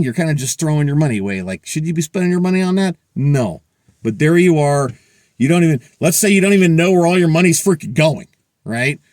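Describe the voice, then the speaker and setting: A man's voice: on the high side, darkish tone, no room sound, clean studio sound. Blunt, profane middle-aged man ranting. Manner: profane, blunt, heated and conversational. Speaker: prepper channel host. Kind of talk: casual opinion rant to camera.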